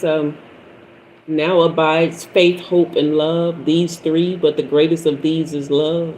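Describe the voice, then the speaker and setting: A woman's voice: on the low side, darkish tone, poor audio. Preachy woman in her fifties. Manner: preachy, storytelling, repetitive emphasis. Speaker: tarot reader and spiritual teacher. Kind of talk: livestream talk.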